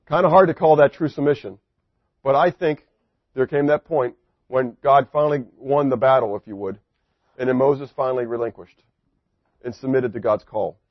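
A man preaching a sermon, animated, asking the congregation questions and acting out quotes. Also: mid-range voice, no echo. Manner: animated, asks the audience questions, acts out quotes. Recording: dry, dull lo-fi recording.

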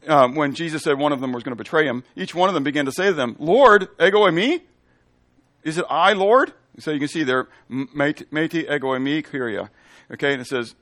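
A man's voice: a little high, fairly bright tone, no room sound. A man preaching a teaching sermon in a conversational way, often checking in with "okay?" and explaining Hebrew and Greek terms. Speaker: pastor.

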